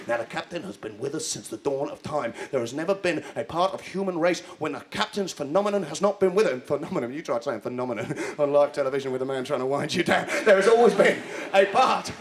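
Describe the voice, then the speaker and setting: A man performing a live stand-up routine on a television stage, talking in a quick, theatrical way. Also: a little high, expressive, crowd noise. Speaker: stand-up comedian. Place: television studio stage before an audience. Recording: live audience laughter.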